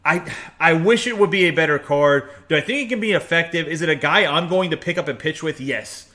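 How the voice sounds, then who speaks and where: A fairly high-voiced American man from Pittsburgh talks through baseball game cards in a loose, opinionated way. He reads long strings of numbers and then weighs in with his own verdict. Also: fairly quick, pushed and bright. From United States (Pittsburgh). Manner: chatty, opinionated, reads off stat lists. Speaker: video game YouTuber. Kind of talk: casual game card review.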